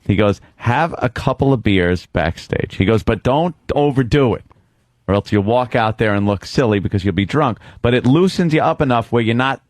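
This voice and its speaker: A man's voice: medium pitch, expressive, brisk, darkish tone, dry recording. A man co-hosting a radio show, telling a story with wry humor. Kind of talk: casual radio banter.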